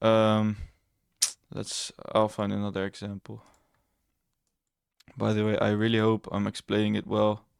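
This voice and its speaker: A man's voice: on the low side, monotone, measured pace, creaky, pauses often, clean tone, dry recording, studio quality. A young man casually walking through his trades on screen, rambling and correcting himself, blunt and a bit sarcastic. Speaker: trading educator. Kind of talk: casual screen-share trading walkthrough.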